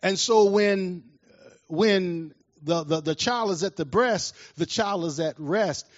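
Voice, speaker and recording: A man preaching a sermon in an animated way, rising loud and high as he tells stories. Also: slow, no echo, highs cut off. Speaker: pastor.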